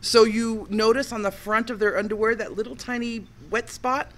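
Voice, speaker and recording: A man's voice: high-pitched, moderate pace. A man co-hosting a casual chat, reading from the chat and talking bluntly. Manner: animated, blunt.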